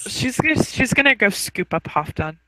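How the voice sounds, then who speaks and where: A young woman voicing her character at a game table, relaxed and chatty. The recording is dry and close, with no room sound around her. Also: on the high side, normal speed, no echo, low-quality recording. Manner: relaxed, chatty, laughs often. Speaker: player. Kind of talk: playing a tabletop role-play.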